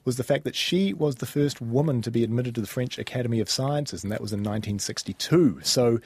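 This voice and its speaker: NZ male co-host, husky, dry close sound, calm explainer. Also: fairly low pitch, no room sound. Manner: explanatory, measured, with small fillers. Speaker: podcast co-host. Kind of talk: casual science chat.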